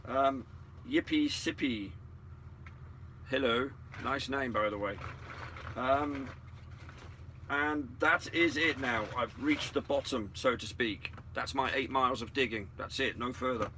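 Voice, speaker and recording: Bright-voiced sarcastic man. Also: medium pitch, unhurried, slight background noise. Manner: chatty, sarcastic banter. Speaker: channel host. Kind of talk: casual chat, greeting viewers.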